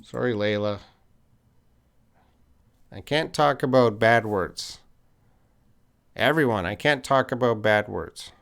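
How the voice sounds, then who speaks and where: A man's voice: on the low side, slow, gravelly, long pauses, a bit bright, clear, resonant tone. A middle-aged man with a Canadian accent, an English teacher answering viewers' chat questions on a live stream, patient and thinking aloud with ums and hmms.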